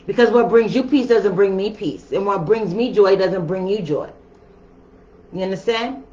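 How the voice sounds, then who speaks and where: A woman's voice: mid-range voice, normal speed, darkish tone. A woman giving a casual tarot reading, chatty and slangy, talking straight to her viewers. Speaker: tarot reader. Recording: dull lo-fi sound with faint ambience.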